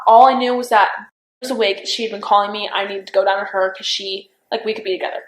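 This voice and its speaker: A young woman in her twenties recounting events in a recorded police interview, halting and unsure, with constant fillers and restarts. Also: mid-range voice, steady tone. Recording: roomy interview room recording.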